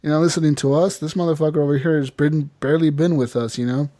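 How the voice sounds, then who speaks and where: This podcast co-host speaks quickly in a fairly high, steady, mellow voice, captured dry with clean studio sound. In casual chat he swears, laughs a lot, and recounts scenes complete with quoted dialogue.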